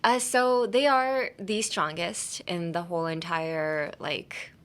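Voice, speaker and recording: A woman's voice: fairly low pitch, takes it slowly, a bit bright, smooth. A woman hosting a casual podcast that teaches English. She talks in a chatty, playful way, laughs often and uses many fillers. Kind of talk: casual language-lesson podcast.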